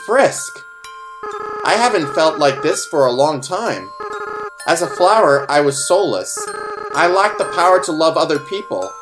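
A man reads out the lines of a soft-spoken young goat monster boy, halting and teary, his pitch swinging widely as he lingers slowly over the words. The game's music plays clearly underneath. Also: very animated. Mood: tender. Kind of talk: reading game dialogue aloud in a voice. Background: game soundtrack music.

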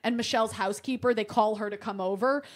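A woman's voice: mid-range voice, fast. A young adult woman from Michigan, a podcast guest telling a comic story in casual chat and swearing freely. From Michigan, USA. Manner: swears freely, animated and exaggerated.

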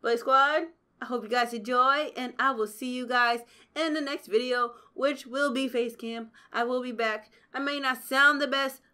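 A woman gaming YouTuber doing let's play commentary, profane and excitable, yelling at the game. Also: high-pitched, moderate pace, smooth.

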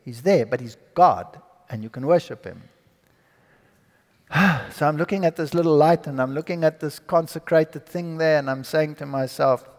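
A man giving his personal testimony to an audience, telling the story in an animated, dramatic way. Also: fairly high pitch, moderate pace. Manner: animated, dramatic storyteller who acts out dialogue. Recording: long hall reverb.

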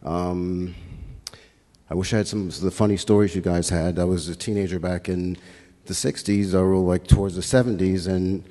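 A man giving a relaxed, rambling tribute speech at a memorial, with fillers and restarts. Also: low voice, normal speed. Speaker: memorial speaker. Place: theatre stage. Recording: long hall reverb.

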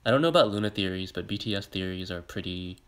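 A young man in a casual live stream, talking in a flat, monotone way while he reacts to videos and reads out comments. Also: fast talker, clear, resonant tone. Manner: monotone, low-key; rambling, filler-heavy, reads comments aloud. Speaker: livestreamer reacting to music videos. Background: pop music playing.

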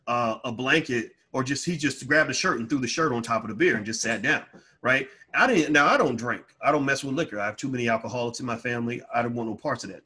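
A man telling a personal story in an emphatic monologue, growing loud and high-pitched when heated. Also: husky. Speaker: financial educator.

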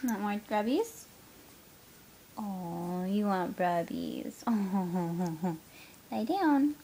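A woman talking baby talk to her puppy at home, cooing in a sing-song voice and dropping into soft whispers. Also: mid-range voice, animated, very slow, a little hiss or hum, rough recording. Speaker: pet owner filming her puppy.

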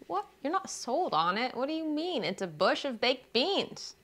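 A woman's voice: sits high, big pitch swings, moderate pace, heavily acted. A woman playing a brash, indignant older lady who claims she founded a bean company, in a comedy sketch. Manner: loud, brassy, indignant, drawling.

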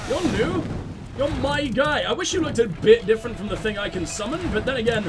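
High-pitched dude rambling over his gameplay, swearing and roasting himself, quiet game music behind. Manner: rambling, self-mocking, swears a lot. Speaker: let's play host. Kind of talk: casual gameplay commentary.

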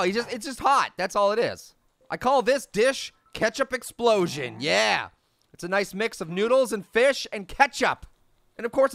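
A man's voice: sits high, gravelly, pushed and bright, full character voice. A man voicing a goofy, mischievous male talking orange, giving teasing let's play commentary with lots of giggles. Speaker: game commentator.

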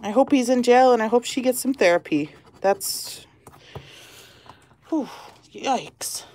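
A woman hosting a lottery-ticket channel chats casually while scratching tickets, giggling as she calls out the numbers one by one. Her voice is on the high side with a dark tone, and she takes her time.

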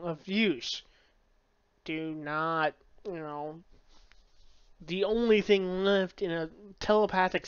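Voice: medium pitch, smooth, no room sound, lo-fi sound. A book reviewer in a casual review, rambling with many fillers and frequent swearing. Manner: rambling, filler-heavy, profane.

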